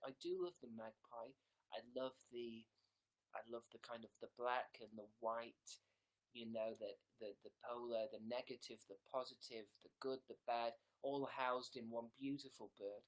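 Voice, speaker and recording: A young man chatting casually on a live stream, deadpan and self-mocking, often trailing off into mumbles. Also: mid-range voice, moderate pace.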